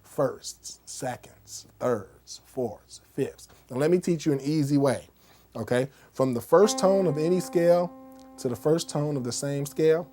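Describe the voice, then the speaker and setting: A man's voice: fairly high pitch, normal speed, mellow. A man teaching a casual music lesson, speaking conversationally, demonstrating on a keyboard and often checking in with "okay?" and "right?". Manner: demonstrates on a keyboard while explaining.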